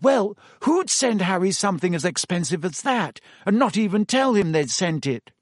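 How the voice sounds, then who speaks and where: A worried, precise teenage schoolgirl in a storybook reading, put on by a man with a raised, thin pitch. She speaks in a fussy, disapproving way, and the sound is close and dry. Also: very animated, normal speed, dry recording. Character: clever bossy teenage schoolgirl.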